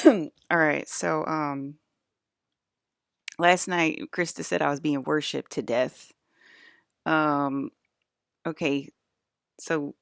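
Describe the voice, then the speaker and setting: A young woman with a notably low-pitched voice talks straight into a close mic in a dead, dry room. She rambles with lots of fillers, swears freely and keeps working herself into irritation. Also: creaky, a bit bright, no echo. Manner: profane, agitated, rambling with many fillers. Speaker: vlogger. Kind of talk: rambling monologue about dreams.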